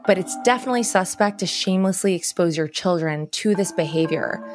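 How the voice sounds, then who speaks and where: A woman co-host narrating a true-crime story in a measured, dramatic way. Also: on the low side. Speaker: podcast co-host. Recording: clear music bed underneath.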